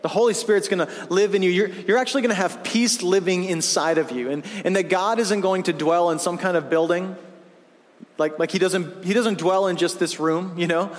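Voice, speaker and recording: A man's voice: sits high, fairly quick, long reverb tail. A man preaching a sermon as pastor in a church, talking conversationally with frequent restarts and asides. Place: church sanctuary.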